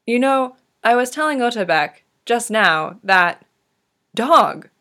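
A woman voicing an excitable young man who talks eagerly in a raised voice. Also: a little high, takes it slowly, pitched above the performer's own voice, full character voice. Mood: excited.

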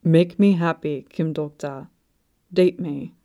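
A woman's voice: low-pitched, fairly even intonation, takes it slowly, dark tone. A woman voicing a blunt, stubborn young man in a storybook reading, terse and insistent. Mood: grumbling.

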